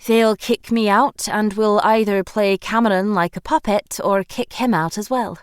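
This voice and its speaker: Woman reading as a crushed woman in her forties, flat clipped monotone, dry audiobook sound. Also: mid-range voice, normal speed, clean tone, no room sound, lightly acted.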